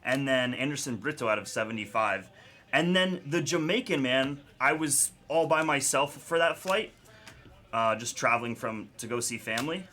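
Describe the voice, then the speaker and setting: A man's voice: fairly high pitch, bright, forceful tone. A young man hosting a live card break, chatting casually and telling a story between calling out names. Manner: chatty storyteller, laughs often, calls names of pulled cards. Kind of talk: casual chat while opening cards.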